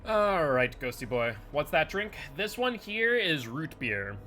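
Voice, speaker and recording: A man's voice: on the high side, sing-song, measured pace, pushed and bright, slight background noise. A man streaming a horror game live, chatting casually with viewers and commenting on his play in a playful, teasing way. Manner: chatty, reads chat aloud, playful teasing.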